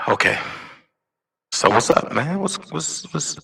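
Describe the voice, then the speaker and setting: A man's voice: a little high, very animated, takes it slowly, gravelly, pushed and bright, breathy edge, no room sound, studio quality. A man hosting a live call-in stream, talking in a brash, taunting, profane way. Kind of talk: casual live call-in talk.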